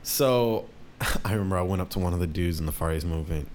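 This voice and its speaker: A young man, a DJ, telling a rambling story in casual talk, swearing often and jumping up in pitch for quoted voices. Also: fast talker, a little mellow.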